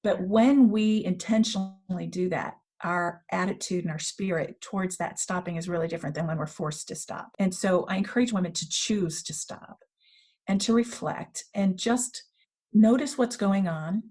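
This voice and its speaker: A woman's voice: fairly low pitch, moderate pace, darkish tone. Earnest, reflective middle-aged woman. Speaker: author and women's coach, guest. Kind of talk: casual interview conversation. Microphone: remote call.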